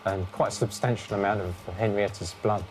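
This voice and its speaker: Male forensics officer, low-pitched, measured. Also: fairly even intonation, soft background music. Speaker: forensic investigator. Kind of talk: documentary interview.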